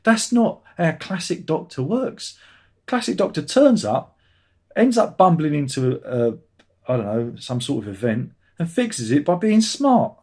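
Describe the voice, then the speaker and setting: A man with a fairly high, sing-song voice that's a bit mellow and slightly rough hosts a review livestream. Reading viewer comments and chatting casually, he rants with sarcasm and loses his temper easily.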